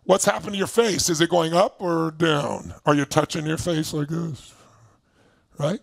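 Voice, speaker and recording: A man leading an online seminar as a motivational speaker, energetic and emphatic, firing questions at his audience. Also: on the high side, unhurried, dry recording. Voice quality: gravelly, husky. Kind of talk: live online seminar coaching. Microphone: speaking to camera for remote viewers.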